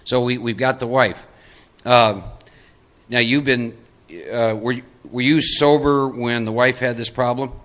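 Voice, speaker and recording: A man's voice: medium pitch, steady tone, unhurried, fairly bright tone. A middle-aged man from Texas leading a live recovery workshop, coaching audience volunteers into roles and stressing key points with repetition. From Texas, USA. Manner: emphatic, repeats key points.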